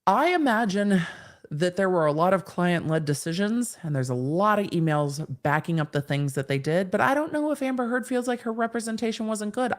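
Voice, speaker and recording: A woman in her thirties hosting a live stream, reading viewers' chat comments aloud and answering them in a frank, chatty way. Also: fairly low pitch.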